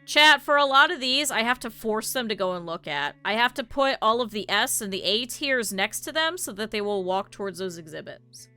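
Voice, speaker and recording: A woman streamer chatting casually to her live chat, blunt and swearing freely, with lively quoted asides. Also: on the high side, moderate pace, few pauses, clear, resonant tone, soft background music.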